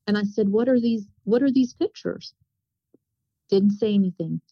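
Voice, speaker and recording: A woman's voice: medium pitch, normal speed, dark tone, no room sound. Woman, earnest testimony, repetitive retelling, dry muffled recording. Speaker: testimony speaker. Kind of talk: personal spiritual testimony. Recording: dull, dry, lo-fi sound.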